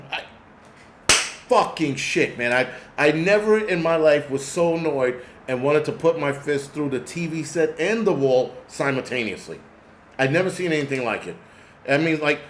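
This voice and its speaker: A man rants on his own show in a loose, swearing, meandering way, often losing the word he wants. His voice sits in an ordinary middle range. The room is echoey with a faint hum of ambience. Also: mid-range voice. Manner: profane, rambling, loses track of words. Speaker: prepper channel host. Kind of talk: casual ranting monologue.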